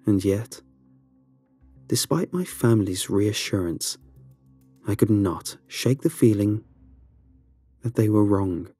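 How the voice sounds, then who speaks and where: A man reading a first-person horror story aloud, with a slow, dramatic storytelling delivery. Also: lowish voice, lively intonation, mellow, breathy edge, faint music behind. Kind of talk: scripted horror narration.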